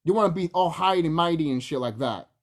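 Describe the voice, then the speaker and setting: A young adult video blogger fires off an angry, profane rant to the camera at a quick pace, medium-pitched with lively intonation, swearing often and mocking the people they address.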